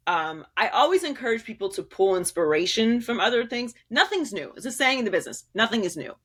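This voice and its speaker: A woman guest in an interview, speaking candidly and emphatically, laughing often and restarting her sentences. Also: mid-range voice. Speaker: sports media guest.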